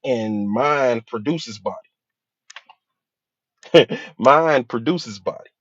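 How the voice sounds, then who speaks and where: A man's voice: mid-range voice, extremely slow, slightly rough. Emphatic slangy male hypnotherapist. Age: adult with a school-age child. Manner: emphatic, repetitive, rhetorical questions; casual slangy delivery. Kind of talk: motivational speech. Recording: dull dry lo-fi recording.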